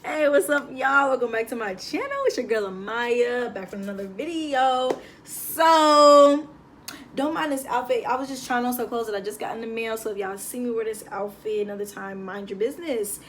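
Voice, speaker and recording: Young woman, animated storyteller, phone propped on a table at home, light hiss. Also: fairly high pitch, moderate pace. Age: young adult. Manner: chatty, animated, slangy. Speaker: vlogger. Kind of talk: casual storytelling vlog.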